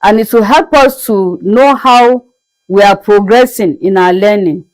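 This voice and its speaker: Slow, patient woman teaching French. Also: mid-range voice, dry recording, low-quality recording. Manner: patient, repeats each word slowly. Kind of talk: slow spoken language lesson.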